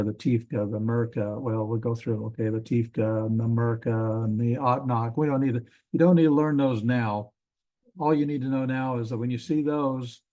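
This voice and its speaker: A man teaching a classroom lecture in a relaxed, rambling way, with frequent ums and self-corrections. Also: medium pitch. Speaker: Hebrew teacher.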